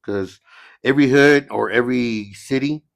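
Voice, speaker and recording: A middle-aged man from the San Diego area speaks at normal speed in a creaky, mid-range voice, with no room sound. As a podcast guest, he tells stories in casual talk, cursing heavily and often asking "you know what I mean."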